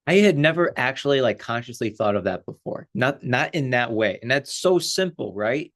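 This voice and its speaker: A man, a life coach, giving a casual, animated spiritual talk with lots of fillers and frequent laughter. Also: medium pitch, measured pace, pauses often.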